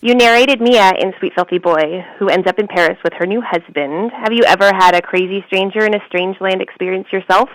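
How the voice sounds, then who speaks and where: A woman's voice: mid-range voice, a little fast, hardly any pauses, no room sound, rough recording. A woman author co-hosting an interview, reading friendly prepared questions to a guest.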